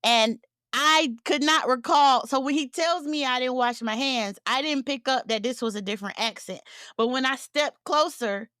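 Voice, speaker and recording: A woman co-hosts a casual podcast and tells a story with lots of energy. Her voice sits a little high and sounds dry and close to the mic, with no room sound. She laughs often and acts out the lines of the people in her story. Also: moderate pace, dry recording. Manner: animated, laughing, acts out quotes. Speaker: podcast co-host.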